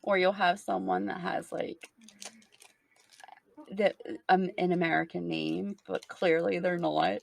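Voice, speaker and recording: A chatty woman with a Pennsylvania accent, co-hosting a casual podcast. Her voice carries a strong gravelly fry at the ends of phrases. She rambles loosely, leaning on "like" and breaking into laughs. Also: fairly low pitch, level tone. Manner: chatty, full of "like" and quick laughs. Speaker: podcast co-host. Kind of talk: casual chat.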